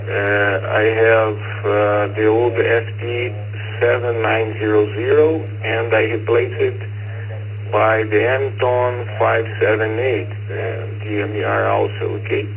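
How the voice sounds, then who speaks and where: A man from Brazil, checking into a radio net in careful, halting English. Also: on the low side, fairly even intonation, faint music behind. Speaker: net caller. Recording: faintly noisy radio signal.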